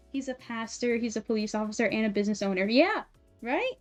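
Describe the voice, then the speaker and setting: A young woman streamer casually telling a story while sewing, animated and laughing often, with many fillers. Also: on the high side, normal speed, long pauses. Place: home streaming setup. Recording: soft music behind.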